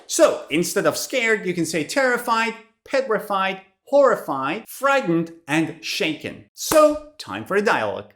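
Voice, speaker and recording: A woman teaches English vocabulary in an animated voice that rises and falls widely. She speaks clearly and deliberately and repeats each new word so learners can copy it. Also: mid-range voice, slight background noise. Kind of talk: vocabulary lesson.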